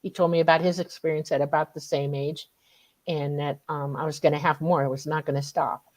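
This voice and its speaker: A middle-aged woman, telling a personal story in an excitable way and acting out quoted lines with big jumps in pitch. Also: brisk. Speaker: guest recounting an experience. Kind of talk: animated storytelling.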